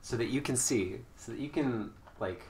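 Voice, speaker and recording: A man streaming a game from a couch, chatting and taunting opponents with sudden loud outbursts. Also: medium pitch, moderate pace, roomy sound, a little hiss or hum. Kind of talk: live gameplay chat. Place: indoors on a couch while house sitting.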